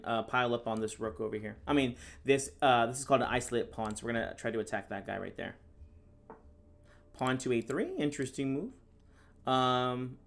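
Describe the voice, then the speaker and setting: A man from the United States commenting live on his own chess games, reading viewer questions aloud and answering in a casual, deadpan sarcastic way. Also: medium pitch. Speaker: chess streamer and National Master. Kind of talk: live-stream commentary while playing.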